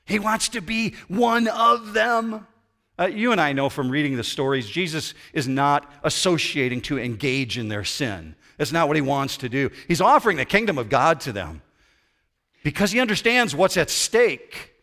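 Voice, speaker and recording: Male pastor, slightly high voice, lively preaching to a congregation. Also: moderate pace. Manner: animated preaching, acts out grumbling voices. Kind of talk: sermon. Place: church sanctuary before a congregation.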